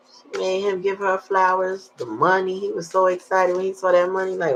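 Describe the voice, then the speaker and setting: A woman's voice: medium pitch, fairly even intonation, a little fast, background noise. A woman giving a casual tarot reading, chatty and slangy, telling stories with sighs in between. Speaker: tarot reader.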